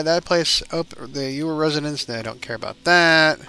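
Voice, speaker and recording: A man's voice: fairly high pitch, normal speed, gravelly, bright, forceful tone, clean tone, faint music behind. A man giving casual let's-play commentary, rambling and thinking aloud with lots of fillers. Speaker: gaming YouTuber.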